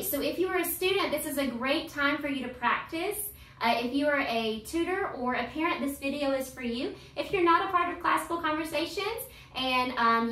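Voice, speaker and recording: A woman's voice: high-pitched, bright, forceful tone. A woman in her thirties teaching a grammar lesson, chanting verb forms in a cheerful sing-song while she coaches a child. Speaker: homeschool teacher and channel host. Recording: roomy echo, voice from far off.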